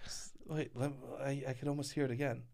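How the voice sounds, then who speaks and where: A man from Staten Island co-hosting a casual chat, teasing and animated with bursts of laughter. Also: mid-range voice, fairly quick, background noise. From Staten Island, New York. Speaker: podcast co-host.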